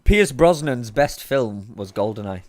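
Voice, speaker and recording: A man's voice: mid-range voice, animated, unhurried, no room sound. Drunk young guy co-hosting a podcast, rambling and swearing, dry close sound. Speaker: podcast co-host. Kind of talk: casual chat.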